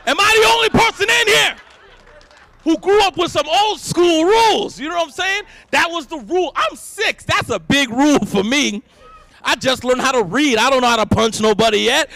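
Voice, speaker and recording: A male stand-up comedian with a very high voice and a bright, sharp edge. He tells animated stories and shouts his punchlines for effect. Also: normal speed, creaky, no echo. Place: live event stage.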